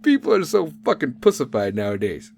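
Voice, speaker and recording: A man hosting a podcast, ranting comedically in a profane, animated way. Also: medium pitch, fairly quick, creaky. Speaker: podcast host. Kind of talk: comedic rant.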